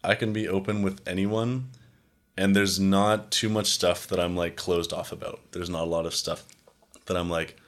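A man's voice: low voice, flat delivery, normal speed. A young man talking casually and at length about feelings, rambling and filling his talk with "like". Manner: rambling, heavy use of "like", acts out quoted exchanges. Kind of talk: casual chat.

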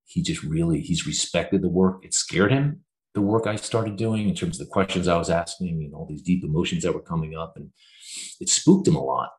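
Speaking a little fast in a low voice, a middle-aged therapist shares his personal story openly as a guest in conversation. He comes across as earnest, reflective and emotionally candid, with noticeable room echo around him.

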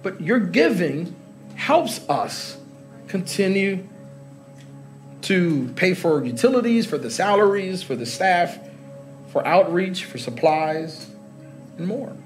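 Middle-aged pastor guy preaching, highish voice, chatty and jokey, soft music under him. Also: takes it slowly, long pauses. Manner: animated, joking preacher who laughs with the congregation. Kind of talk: sermon. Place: large church hall.

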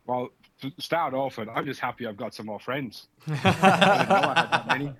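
A man's voice: mid-range voice, expressive, moderate pace, fairly bright tone. A man from Ireland with an Irish accent, a guest on a casual podcast, joking in a dry, self-deprecating way.

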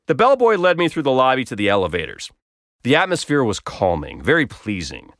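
Recorded dry and close without any room echo, this blog storyteller talks fairly quickly in a fairly bright tone about his own life. His pitch swoops wildly up and down, and his humor is wry and self-deprecating.

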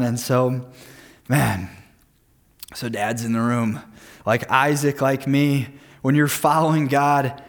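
A man in his thirties, a men's group leader, giving an earnest devotional talk full of personal stories. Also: medium pitch. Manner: earnest storytelling with personal anecdotes.

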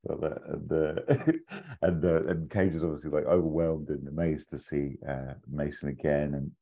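A man's voice: very deep voice, normal speed, highs cut off. A man, a podcast co-host, telling a long made-up film plot in casual chat. He rambles, acts out quoted lines and laughs as he goes.

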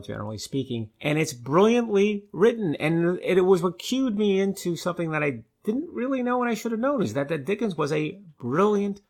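A man co-hosting a casual chat show who talks with enthusiasm and reads aloud slowly and deliberately. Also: on the high side. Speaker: podcast co-host.

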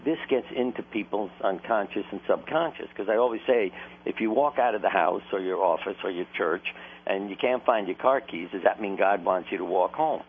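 As a guest in an interview, a doctor tells conversational, anecdotal stories in an earnest manner, laughing now and then. He has a fairly low voice at normal speed, and the phone-line audio is tinny with faint noise.

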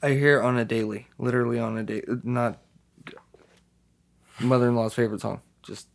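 A young man in casual podcast chat, rambling and swearing in quick bursts. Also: medium pitch, steady tone, creaky. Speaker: podcast co-host.

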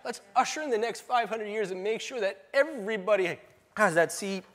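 A man's voice: high-pitched, fairly bright tone. A man preaching a sermon, telling stories in an earnest, emotional way. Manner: emotional, earnest storytelling with laughs. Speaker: pastor.

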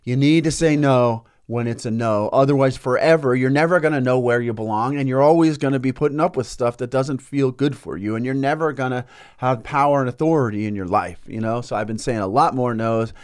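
A man's voice: mid-range voice, fairly quick, smooth. A man co-hosting a talk show, chatting casually and acting out the voices of people in his stories. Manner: animated storyteller, acts out quoted voices. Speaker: co-host. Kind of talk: casual chat.

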